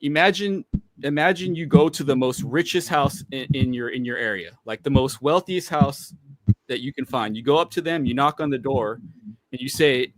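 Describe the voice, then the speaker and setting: A man's voice: mid-range voice, a little fast, rough recording. Earnest man making his case on a call. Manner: earnest, persuasive, repeats himself and asks "you know what I'm saying?". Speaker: guest on a livestream debate. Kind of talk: casual debate, explaining beliefs.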